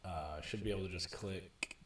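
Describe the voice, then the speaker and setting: A fairly low-voiced man talks through a software tutorial in a chatty, upbeat way, correcting himself as he goes. He records into a USB desk microphone. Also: normal speed, a little hiss or hum. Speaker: music production teacher. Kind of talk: screen-recorded tutorial walkthrough.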